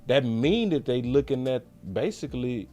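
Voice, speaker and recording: Animated man hosting a sports show. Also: mid-range voice, moderate pace, faint music behind. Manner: excitable, repeats phrases, mocking exclamations. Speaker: sports channel host. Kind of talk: animated live-stream commentary.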